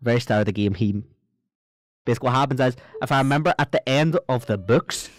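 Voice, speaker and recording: A young Irish man co-hosting a podcast in casual chat, joking in a deadpan way and swearing casually. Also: mid-range voice, quick pace, no echo, clean studio sound. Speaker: podcast co-host.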